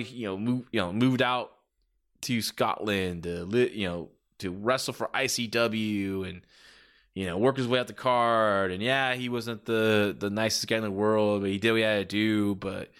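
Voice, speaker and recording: A man's voice: fairly low pitch, a bit bright, clear, resonant tone. A man hosting a podcast, giving a casual rambling review full of filler phrases and restarts. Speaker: podcast host.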